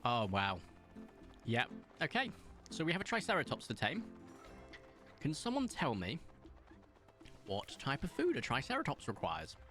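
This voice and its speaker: A man's voice: medium pitch, huge pitch swings, normal speed, pauses often, sharp tone, faint music behind. A man from England, chatting casually with his live-stream chat while gaming and laughing often. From southern England.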